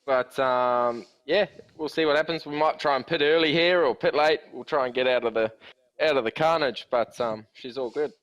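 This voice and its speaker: A man's voice: mid-range voice, normal speed, fairly bright tone, highs cut off. Laid-back New Zealand man on a call. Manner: laid-back, laughing, modest. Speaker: guest driver. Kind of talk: casual interview.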